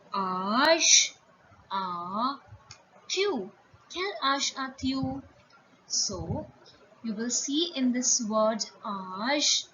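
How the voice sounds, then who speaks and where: A woman teaching a French lesson, speaking slowly and carefully and repeating and spelling out each phrase. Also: a little high, sharp tone. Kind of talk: slow spoken language lesson. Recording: dull lo-fi sound with faint room noise.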